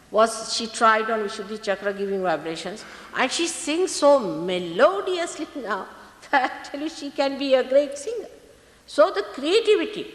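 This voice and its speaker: Woman giving a lively talk in an echoey hall. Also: mid-range voice. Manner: lively storytelling with repetitions. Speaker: spiritual teacher. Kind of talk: spiritual talk to an audience. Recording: echoey hall archive recording.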